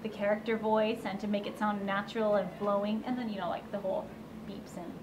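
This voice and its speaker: A woman voice actress chatting in a casual convention interview, bubbly and quick to laugh. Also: mid-range voice, flat delivery, background noise. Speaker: voice actress guest.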